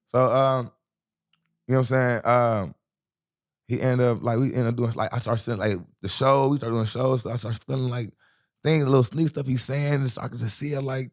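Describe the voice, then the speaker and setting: A man's voice: mid-range voice, fairly quick, gravelly. A young man from the US Midwest, a rapper guest in an interview, telling a rambling, profane street story and often asking "you know what I'm saying".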